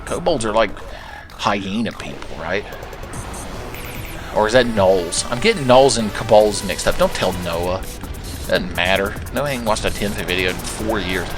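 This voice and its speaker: A man's voice: on the low side, animated, unhurried, music in the background. A man casually commentating his own gameplay, joking, swearing and trash-talking the enemies. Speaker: gaming commentator. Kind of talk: casual let's-play commentary.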